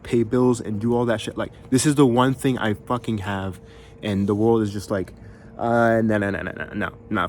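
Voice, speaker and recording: A man's voice: fairly low pitch, a little mellow, slight background noise. A young man venting in a rambling, exasperated way, full of fillers and swearing, as he talks to his viewers. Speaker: musician vlogger. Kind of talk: frustrated venting to camera.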